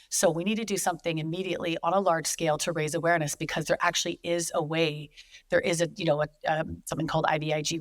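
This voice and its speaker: A woman's voice: low-pitched, dry recording. A middle-aged woman with a Canadian accent, chatting as a guest in an earnest, rambling way full of "like" and "you know.". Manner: earnest, rambling with many likes and you-knows. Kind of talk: casual chat.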